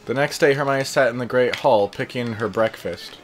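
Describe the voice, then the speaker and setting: A man's voice: mid-range voice, normal speed, soft background music. Man casually reading a story aloud. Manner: plain reading broken by joking, distracted asides. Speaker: channel host reading fan fiction while gaming. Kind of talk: casual read-aloud over gameplay.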